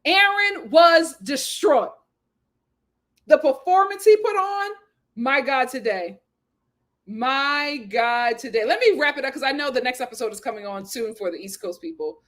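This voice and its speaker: Host: woman, high voice, animated and exclamatory, live recap chat reading viewer comments. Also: moderate pace. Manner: animated, exclamatory, laughs often. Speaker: host of a reality TV recap channel.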